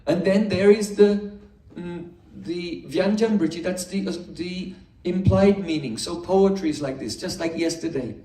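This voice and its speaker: Man, spiritual teacher, patient explanations, gentle humor, reverberant room. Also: high-pitched, a little slow, hardly any pauses. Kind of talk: morning scripture class. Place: indoor hall with a live audience. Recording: echoey room, distant mic.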